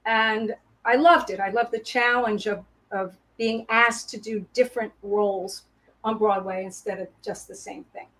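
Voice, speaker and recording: A woman's voice: mid-range voice, steady tone, moderate pace, fairly bright tone, rough recording. A woman, a former Broadway performer, telling stage anecdotes over a video call and laughing often. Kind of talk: casual storytelling interview.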